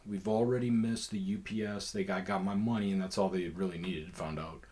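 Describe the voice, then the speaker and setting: A man's voice: low voice, fairly even intonation, fairly quick, darkish tone. A man hosting a podcast, telling a long personal story in a rambling, profane way with lots of fillers. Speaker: podcast host. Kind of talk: casual storytelling.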